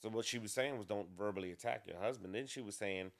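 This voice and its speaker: A man co-hosting a casual talk show about marriage, speaking in a deliberate, measured way with some restarts. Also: fairly low pitch. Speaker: co-host.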